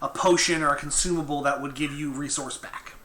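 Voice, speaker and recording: A man's voice: fairly high pitch, fairly even intonation, fairly quick, bright, forceful tone. A man running a tabletop game as game master, describing the action and patiently explaining the rules. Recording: roomy echo, faint noise.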